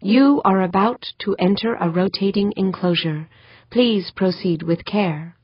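A woman voicing an automated station computer that makes flat safety announcements, in a dull, dry recording. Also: medium pitch, a little slow, breathy edge, no room sound. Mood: announcing.

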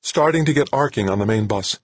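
A man voicing a brisk female technical assistant reporting readings. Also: mid-range voice, lively intonation, dry recording, pitched above the performer's own voice, close to an everyday voice. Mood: tense.

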